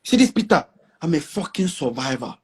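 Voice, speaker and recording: Boastful Nigerian man, high animated voice. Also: a little fast, husky. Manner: boastful and emphatic, mixing pidgin. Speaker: interview guest. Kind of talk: casual chat.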